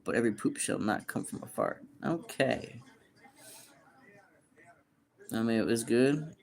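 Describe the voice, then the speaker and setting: A man's voice: mid-range voice, expressive, moderate pace, vocal fry. A young man livestreaming, answering chat questions in crude, profane, slangy banter. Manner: reads chat questions aloud and answers bluntly.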